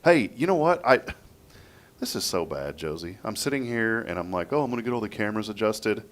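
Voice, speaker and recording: A man's voice: lowish voice, lively intonation, a little fast. A man hosting a morning radio show, chatting in an upbeat, rambling way. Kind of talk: casual radio chat.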